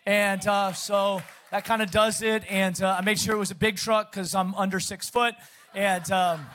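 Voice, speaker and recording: A middle-aged man with a slight Southern accent speaks as a guest pastor, chatty and energetic. His voice sits notably high for a man, and he keeps the mood light with easy self-deprecating humor. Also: normal speed, slight background noise. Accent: Southern American, Texas. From Pacific Northwest of the US. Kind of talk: sermon introduction.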